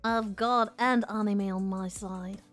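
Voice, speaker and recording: A woman streamer chatting casually with her viewers, excitable and swearing freely. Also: medium pitch, measured pace, soft background music.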